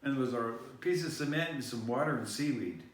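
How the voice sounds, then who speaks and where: A man rambles through a personal story, circling back and restarting his sentences as he goes. He sits far from the mic in a very echoey room, and a faint hiss runs underneath. His voice sits at an ordinary middle pitch. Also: lively intonation, a little fast. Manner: meandering, many fillers and restarts. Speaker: vlog host.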